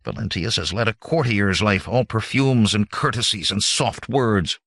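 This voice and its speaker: A man's voice: lowish voice, normal speed, vocal fry, a bit bright, breathy edge, dry recording, studio quality, exaggerated voice. A man reading a drunken failed male mage in a fantasy audiobook, rambling and derisive. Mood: mocking.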